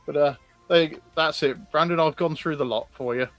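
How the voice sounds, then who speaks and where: A man's voice: on the high side, normal speed, a bit bright, no echo, faint music behind. A man co-hosting a livestream, casually explaining characters with frequent ums and restarts. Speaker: co-host presenting concept art.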